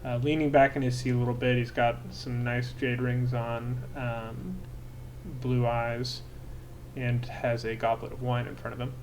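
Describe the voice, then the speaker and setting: Chill dude running a tabletop game, mid voice, lots of background hiss. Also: male voice, mid-range voice, measured pace. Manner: relaxed, many fillers and self-corrections. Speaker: game master. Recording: noisy home recording.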